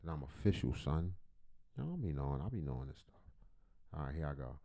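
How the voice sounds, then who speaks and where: Rambling, joking man with a lively voice. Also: extremely low pitch, brisk, vocal fry. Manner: rambling, profane, joking, self-interrupting. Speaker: livestream reaction host. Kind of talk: casual comedic reaction commentary.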